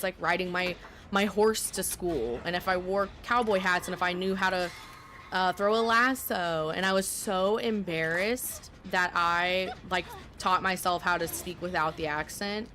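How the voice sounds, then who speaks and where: A woman's voice: mid-range voice, bright, forceful tone, slight background noise. Chatty young woman streamer, faint Southern lilt. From Texas. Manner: chatty, rambling, self-deprecating, quick asides to chat. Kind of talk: casual live-stream chat.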